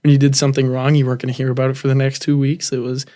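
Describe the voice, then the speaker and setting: A young man, a college football player, talking as a guest in a relaxed interview with many fillers. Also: medium pitch, very fast. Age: young adult. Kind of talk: casual interview talk.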